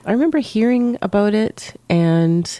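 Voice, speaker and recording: A woman in her forties or fifties from Canada, croaky from a cold, co-hosting a casual chat in a reflective, halting way. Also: mid-range voice, animated, warm tone, no room sound. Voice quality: gravelly. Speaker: co-host.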